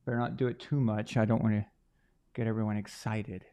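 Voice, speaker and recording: A man's voice: on the low side, little pitch movement, brisk, warm tone. A man hosting a live sports watch stream, talking casually to his chat and often restarting sentences. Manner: chatty, rambling with frequent restarts.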